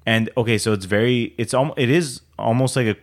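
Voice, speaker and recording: A man's voice: medium pitch, normal speed. A young man hosting a casual podcast chat, rambling with lots of fillers. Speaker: podcast host.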